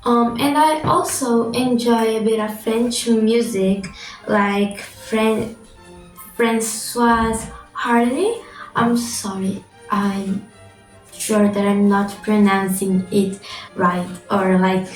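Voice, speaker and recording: Teen girl vlogging, slow and chatty with lots of "like", kinda far from the mic in an echoey room, faint music behind. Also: medium pitch, fairly even intonation. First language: Portuguese. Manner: chatty, frequent fillers, self-correcting. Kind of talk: casual Q&A vlog.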